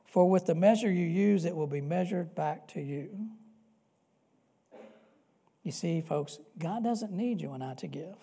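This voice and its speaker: Mellow-voiced male pastor preaching. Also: high-pitched, a little slow, pauses often, breathy edge. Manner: swings between loud emphatic peaks and soft hushed stretches; earnest, repeats key phrases for emphasis. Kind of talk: sermon.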